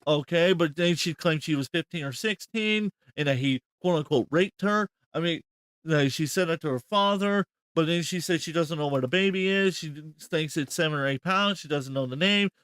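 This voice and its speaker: A man's voice: fairly high pitch, normal speed, fairly bright tone, clear, resonant tone, dry recording, clean studio sound. A man hosting a reaction commentary, rambling and incredulous, swearing often. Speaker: host.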